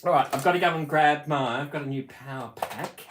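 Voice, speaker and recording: A man's voice: on the high side, a little fast, roomy sound, a little hiss or hum. A man hosting his own live stream, chatting casually with viewers in a playful, giggly way and breaking into bits of song.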